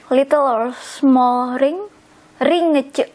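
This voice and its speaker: A language teacher, a woman whose native tongue is Indonesian, slowly explains vocabulary in a high voice. She goes over words again at a slow pace and spells out how they end, in a slow instructional style. Audio quality is poor.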